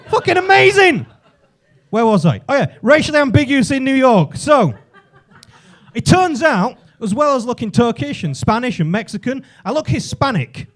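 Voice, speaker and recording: English stand-up comic, very high voice, animated and sweary storytelling on a club stage. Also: male voice, normal speed. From England. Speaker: stand-up comedian. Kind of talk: stand-up comedy routine.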